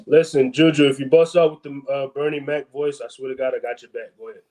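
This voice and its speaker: A man co-hosting a casual podcast, throwing in quick mocking comments. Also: mid-range voice, steady tone, darkish tone, a little hiss or hum. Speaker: podcast co-host. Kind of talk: casual comedic chat.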